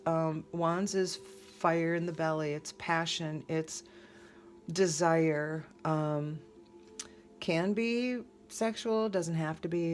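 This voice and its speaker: Low-voiced woman giving a casual tarot reading. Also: darkish tone. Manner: rambling, conversational, frequent fillers and restarts. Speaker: tarot reader.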